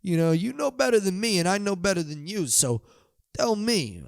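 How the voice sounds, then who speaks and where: A young man hosting a podcast, telling a long rambling story full of "you know" and sudden loud drawn-out yells. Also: sits high, lively intonation, gravelly, dry recording, studio quality. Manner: loose, meandering, swings into loud drawn-out yelled bits. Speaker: podcast host.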